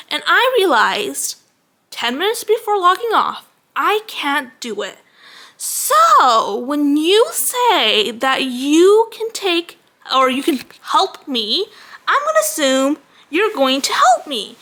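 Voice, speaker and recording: A young woman vlogging, ranting casually about her workday, swearing and acting out the people she quotes. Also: high voice. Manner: animated, swearing, acts out quoted dialogue.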